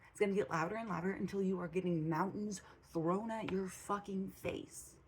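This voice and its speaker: In a home room with a cat, a woman who hosts a spiritual channel gives frank, profanity-laced advice, casually monologuing and repeating phrases to drive points home. She speaks at a moderate pace in a mid-range voice with fairly even intonation, over a low-quality recording with a little hiss or hum.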